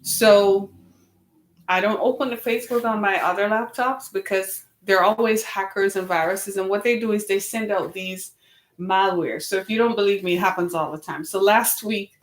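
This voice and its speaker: Woman host, casual chat to camera, tired and slightly wheezy, rambling and exasperated, mid-pitched voice, roomy echo. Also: fairly even intonation, normal speed. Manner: chatty, exasperated, rambling asides. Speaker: web series host.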